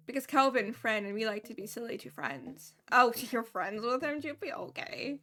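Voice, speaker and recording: Bright, playful woman streamer. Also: fairly high pitch, moderate pace, hardly any pauses, soft background music. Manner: playful, giggly, silly. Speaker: gaming streamer. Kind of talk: casual live-stream chat.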